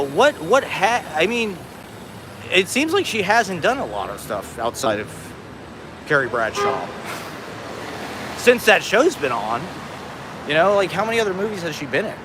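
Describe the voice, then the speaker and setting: Give me a rambling, profane man streaming outdoors. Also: on the high side. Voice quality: profane, rambling, laughs often. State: stoned. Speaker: live streamer. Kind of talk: casual rambling live-stream monologue. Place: outdoors on a city street. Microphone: phone on a selfie stick. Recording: busy street traffic noise. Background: city traffic.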